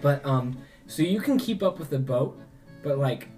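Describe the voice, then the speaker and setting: A game master narrating a tabletop game, rambling with fillers. The pitch sits in the middle range. Faint guitar plays in the background. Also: animated, normal speed, a little mellow. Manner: rambling, many "like" and "um".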